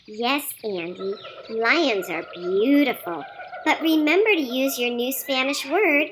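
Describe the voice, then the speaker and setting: A woman voicing a cheerful little girl puppet who teaches words in a slow, sing-song, encouraging way in a children's puppet lesson. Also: high-pitched, expressive, fairly bright tone, slight background noise, heavily acted.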